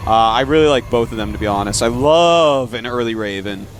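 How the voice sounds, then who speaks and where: A man's voice: medium pitch, a little fast, a little hiss or hum. A man casting a live video game match, bantering playfully with his co-host. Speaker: esports caster.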